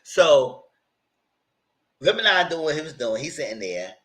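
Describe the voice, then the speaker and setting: At a measured pace, a man with a slightly high voice recaps and critiques a reality TV episode, captured in a rough recording. His tone is chatty and informal, and he animatedly acts out what the people in each scene said.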